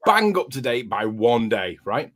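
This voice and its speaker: Scouse man, brisk explainer, mid voice, online call. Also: mid-range voice, sing-song. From northwest England. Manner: brisk, explanatory, talking while eating. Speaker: guest presenter. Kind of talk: casual online debate chat.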